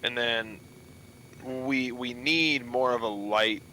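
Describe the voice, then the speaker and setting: A man's voice: medium pitch, slow, pushed and bright, slight background noise, rough recording. A man in casual podcast chat, talking through his brewery plans with lots of ums and restarts. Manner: rambling, many ums and restarts. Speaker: podcast co-host planning a brewery.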